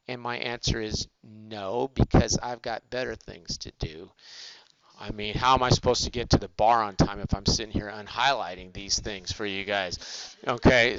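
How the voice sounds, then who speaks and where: A man's voice: mid-range voice, a little slow, sharp tone, smooth, no echo, dull audio. An older male accounting professor giving a casual recorded lecture, asking questions and answering them himself. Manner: conversational, asks and answers his own questions.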